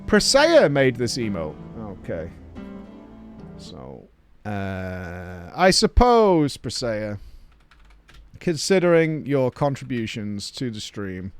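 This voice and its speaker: A man's voice: mid-range voice, wildly swooping pitch, takes it slowly, clean tone, dry recording, soft background music. A man streaming an online game, chatting casually with teammates and viewers, joking and swearing as he cheers them on.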